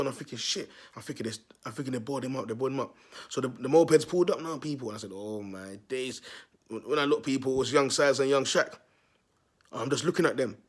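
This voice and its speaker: A man's voice: mid-range voice, breathy edge. A man, a vlogger telling a neighbourhood story to his viewers in a slangy, repetitive way.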